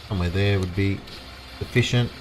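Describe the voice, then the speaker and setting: A man's voice: sits low, fairly quick, background noise. An Australian man giving casual, rambling commentary while livestreaming a farming game and chatting with his viewers. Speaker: livestream gamer. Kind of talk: casual live gameplay commentary.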